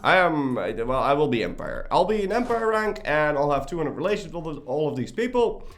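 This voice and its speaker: Brief: young male game streamer, animated and rambling, loose and profane. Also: a little high, normal speed, a little hiss or hum. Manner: rambling, joking, swears freely. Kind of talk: casual live-stream chat.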